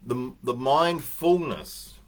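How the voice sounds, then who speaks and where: An older man speaking in a mid-pitched voice, neither high nor low, as he gives a relaxed motivational talk to a group. He rambles through anecdotes and stops to muse aloud, with fillers scattered through his delivery. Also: takes it slowly. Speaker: speaker giving a morning talk.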